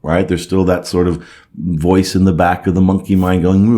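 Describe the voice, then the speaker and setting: A man's voice: low voice, flat delivery, normal speed, warm tone. A man hosting a casual coaching talk answering viewer comments. He speaks reassuringly, often checks in with "okay?", and acts out anxious inner chatter. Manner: reassuring, repeats "okay?" and "you see".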